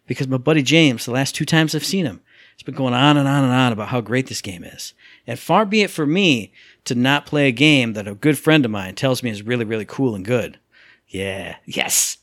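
A man's voice: medium pitch, no room sound, clean studio sound. A man co-hosting a podcast, chatting casually about video games and acting out sound effects. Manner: animated, acts out sound effects and voices. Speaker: podcast co-host.

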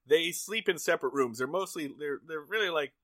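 A man's voice: on the high side, expressive, brisk, sharp tone, no echo. A man co-hosting a casual podcast, recapping a TV episode with jokes, swearing and sarcastic asides. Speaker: podcast co-host.

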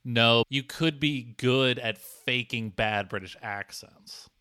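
A man's voice: medium pitch, takes it slowly, pushed and bright, clean tone, dry recording, clean studio sound. Teasing man co-hosting a comedy podcast. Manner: teasing, mock-exasperated, lots of fillers. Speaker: podcast co-host. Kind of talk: improvised comedy podcast banter.

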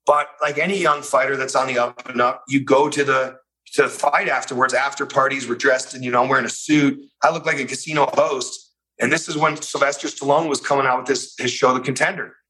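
A man's voice: medium pitch, low-quality recording. A middle-aged man telling a long personal story as a guest in a casual interview, full of fillers and restarts. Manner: animated, fast-paced anecdote with many fillers.

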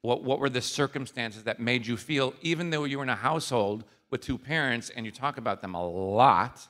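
A man's voice: medium pitch, a little fast, a bit bright. A man hosting a casual interview, telling stories animatedly, laughing often and swearing. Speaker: podcast host.

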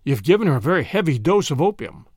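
A cool, clinical surgeon, as the narrator reads him, weighing a case in a storybook reading. His speech is measured and detached, with a lively pitch line and a dry, close sound. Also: slightly rough, no echo, full character voice. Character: cool, clinical middle-aged male surgeon.

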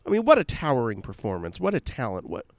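A man's voice: medium pitch, huge pitch swings, quick pace, no room sound. A man co-hosting a podcast, chatting casually with dry, sarcastic asides. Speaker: podcast co-host. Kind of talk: casual chat.

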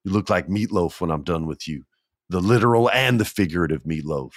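A man's voice: sits low, a little fast, no room sound, clean studio sound. A man voicing a cocky male pro wrestler who taunts and sneers. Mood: sneering. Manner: sneering, dismissive.

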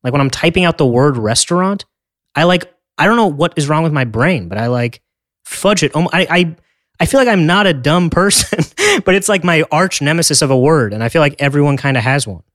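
A man with a fairly high voice that rises and falls a lot chats as a podcast co-host. He talks with wry, joking asides. The recording is close and dry. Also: animated, a little fast, fairly bright tone, dry recording. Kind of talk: casual chat.

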